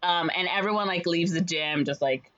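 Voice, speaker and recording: A woman casually retelling a story's plot in a rambling way, full of fillers and quick quoted voices. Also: fairly low pitch, fairly bright tone. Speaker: podcast co-host retelling a musical's plot. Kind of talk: casual chat. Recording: slightly dull lo-fi audio.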